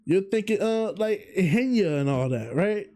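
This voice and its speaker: A man's voice: sits high, animated, a little slow, dark tone. A man hosting his own channel, talking through his opinions in a rambling, self-interrupting monologue with frequent chuckles. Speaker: vtuber host. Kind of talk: casual commentary monologue.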